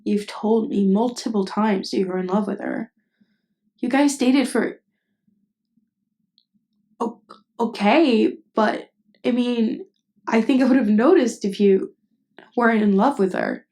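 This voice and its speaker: A woman voicing a gentle, caring best friend in a whispered role-play, speaking softly and hesitantly. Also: on the high side, a little slow, long pauses, close to an everyday voice. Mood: puzzled. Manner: soft, hesitant, partly whispered. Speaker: voice actress.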